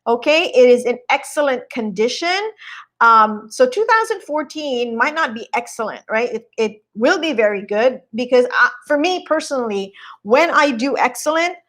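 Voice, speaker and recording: A woman's voice: fairly high pitch, lively intonation, normal speed, a bit bright. Chatty woman touring a house listing. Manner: chatty, greets viewers mid-sentence, admiring. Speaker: real estate agent hosting a live stream. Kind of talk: casual live-stream walkthrough.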